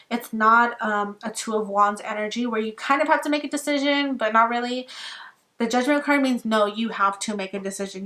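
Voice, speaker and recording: A woman's voice: a little high, a bit bright. A young woman giving a casual tarot reading, chatty and full of fillers, her voice a little tired and worn from a long day. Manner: chatty, filler-heavy, addresses viewers as guys. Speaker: tarot reader.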